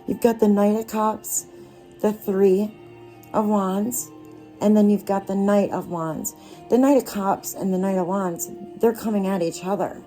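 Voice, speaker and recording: A woman lays out tarot cards for her listeners, speaking slowly and reassuringly in a low, mellow voice. Faint music plays quietly behind her. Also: fairly even intonation. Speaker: tarot reader. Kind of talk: casual tarot card reading.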